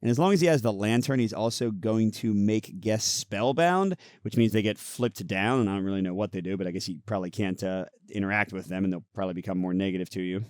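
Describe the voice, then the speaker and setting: A man hosting a casual playthrough and review of a card game, explaining the rules in a relaxed way. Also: lowish voice, quick pace, few pauses, clear, resonant tone, no echo, clean studio sound. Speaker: host.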